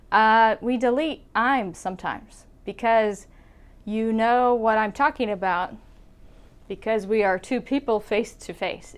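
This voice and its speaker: A woman teaching English pronunciation, who talks slowly and deliberately, repeats example phrases to model them, and jokes with the learner. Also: a little high, a bit bright, clean tone. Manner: playful, chatty with the learner. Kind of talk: spoken English lesson.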